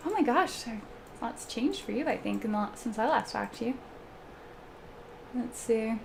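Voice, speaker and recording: A young woman hosting a casual live stream, chatting with viewers while she paints, laughing often and breaking into animated asides. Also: a little high, normal speed, gravelly, pauses often, a little hiss or hum. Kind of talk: casual chat while reading viewer comments.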